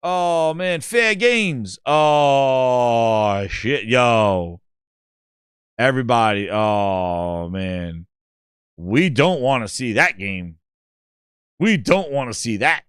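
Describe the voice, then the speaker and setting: A man hosting a gaming channel in casual commentary, excitable and joking, swearing freely. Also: mid-range voice, drawn-out words, clean tone, dry recording, studio quality.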